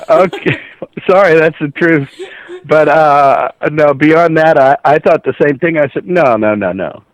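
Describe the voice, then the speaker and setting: A man's voice: fairly high pitch, takes it slowly, long pauses, no echo, muffled recording. A middle-aged man from Ohio, a voice actor telling stories in a casual interview and acting out the voices in them. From Ohio, USA. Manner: animated anecdotes, acts out quoted voices. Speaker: voice actor, guest.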